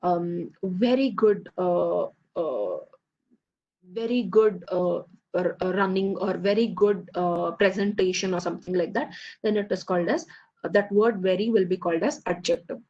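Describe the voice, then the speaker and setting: Husky-voiced woman teaching a class. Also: lowish voice, moderate pace, dark tone, highs cut off. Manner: explanatory, many fillers and checks like "okay, fine". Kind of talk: online class lecture.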